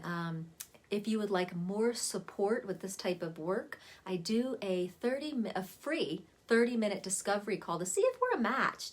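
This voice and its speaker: A woman coach talks viewers through vocal warm-ups in a relaxed, chatty way. Her voice sits at an ordinary middle pitch. She speaks to the camera from a seat at home. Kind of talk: casual spoken voice lesson.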